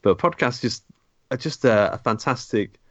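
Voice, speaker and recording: A man co-hosting a casual podcast, talking in a relaxed, rambling way with plenty of fillers. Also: medium pitch, normal speed, no echo, lo-fi sound. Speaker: podcast co-host.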